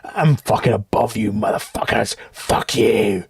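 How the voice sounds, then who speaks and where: A man's voice: fairly low pitch, husky, dry recording, clean studio sound, pitched below the performer's own voice, full character voice. A man doing a mocking voice of an arrogant man who sneers at his audience, profane and drawn out. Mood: sneering. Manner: profane, growled contempt, slowed and drawn out.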